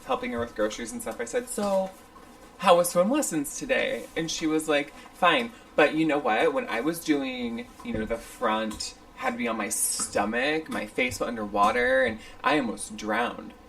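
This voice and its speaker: A woman's voice: sits low, big pitch swings, moderate pace, vocal fry. A woman co-hosting a casual podcast, sassy and teasing, tossing out playful swears. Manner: sassy, calls people "bitch" playfully. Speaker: podcast co-host. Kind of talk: casual chat. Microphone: studio microphone.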